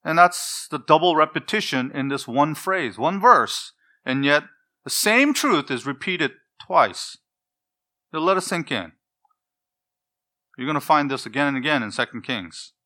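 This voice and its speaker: A man's voice: fairly high pitch, lively intonation, unhurried, pushed and bright. A man preaching an expository sermon, working verse by verse through scripture and driving home stern rebukes with rising emphasis.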